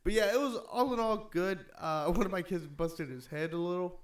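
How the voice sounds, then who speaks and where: Profane, animated man telling stories. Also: high voice, normal speed. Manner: animated storyteller, mimics voices, swears a lot. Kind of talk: casual profane chat.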